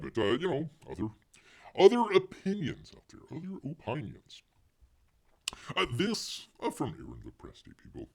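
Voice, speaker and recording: A man's voice: a little high, wildly swooping pitch, unhurried, vocal fry, a little mellow, husky. A man hosting a casual livestream, rambling to viewers, reading the chat aloud and calling himself Bear in the third person. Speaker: livestream host.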